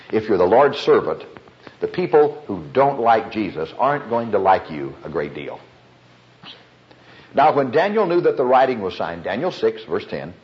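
A man preaching a sermon as pastor, telling stories and acting out the people he quotes. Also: mid-range voice. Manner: storytelling preacher, acts out quoted voices. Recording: dull lo-fi recording.

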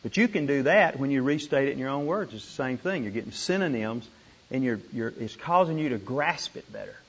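A man teaching a group how to study scripture, animated and repeating words for emphasis. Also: medium pitch, a little fast, breathy edge. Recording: dull lo-fi room recording.

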